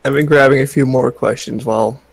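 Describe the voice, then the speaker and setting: A man's voice: mid-range voice, steady tone, brisk, vocal fry, husky. A young man co-hosting a livestream, reading chat questions aloud with wisecracks.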